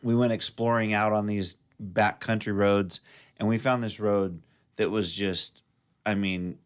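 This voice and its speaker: A man's voice: on the low side, steady tone, measured pace, clear, resonant tone. A man, a radio show host, telling a rambling motorbike story in casual chat.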